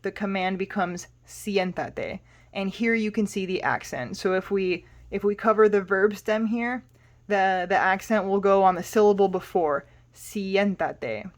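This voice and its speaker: A woman gives a language lesson in a patient, explaining manner. Her voice sits in a middle pitch. She often stops to spell words out letter by letter. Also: fairly even intonation, moderate pace. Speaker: Spanish teacher.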